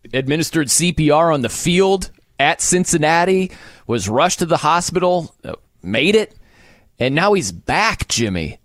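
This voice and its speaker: A man's voice: on the high side, dry recording. A man co-hosting a sports radio show, chatting casually, joking and laughing often into a studio mic.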